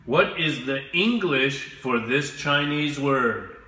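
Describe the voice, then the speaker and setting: A man teaching English to children, speaking slowly and clearly and having them repeat words after him. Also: medium pitch, lively intonation, pushed and bright, reverberant. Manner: slow, clear, drills words for repetition. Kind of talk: slow classroom instruction.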